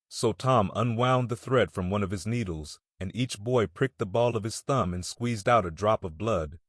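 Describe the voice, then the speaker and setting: A man narrating a classic novel in a measured, storytelling reading. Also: on the low side, dry recording, clean studio sound. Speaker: audiobook narrator. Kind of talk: scripted narration.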